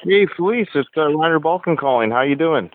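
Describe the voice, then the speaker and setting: A male interviewer talks quickly and eagerly, a little out of breath. His voice comes through a thin, tinny phone connection. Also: on the high side, expressive. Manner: eager, fast-talking. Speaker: podcast host and interviewer.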